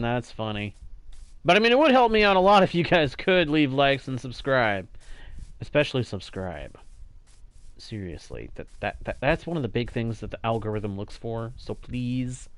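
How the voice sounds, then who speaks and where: Lively slow-talking nasal streamer man. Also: medium pitch, smooth, dry recording. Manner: chatty, thanks viewers often, laughs easily. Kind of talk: casual gaming live-stream chat.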